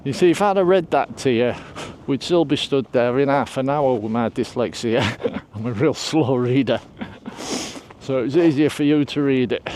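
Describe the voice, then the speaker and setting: An older man vlogs while hiking across open moorland on a windy hilltop, chatting to his viewers in a rambling, self-deprecating walk-and-talk. His mid-range voice has a darkish tone and a moderate pace, with slight background noise.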